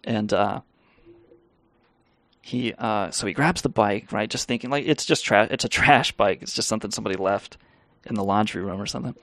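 A man with a gravelly, creaky voice tells a loose, swearing-laced story on his live stream. His sound is close and dry. He chuckles as he rambles and reads the chat aloud. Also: lowish voice, moderate pace, fairly bright tone, no echo. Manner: rambling, profane, laughing. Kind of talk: casual storytelling and reading chat.

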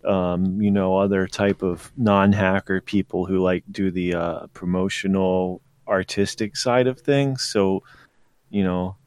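Slow-talking low-voiced man, dry mic. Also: fairly even intonation, a little mellow, clean tone, no echo. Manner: rambling, many fillers, swears and laughs. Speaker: podcast co-host. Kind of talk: casual podcast chat.

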